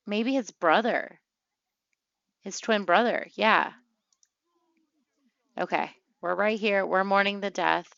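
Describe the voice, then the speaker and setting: Woman let's play host, slow and gravelly, chatty and emotional; dull, dry home mic. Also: medium pitch, a bit bright, no room sound. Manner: emotional, chatty, many fillers and restarts. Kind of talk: casual gameplay commentary.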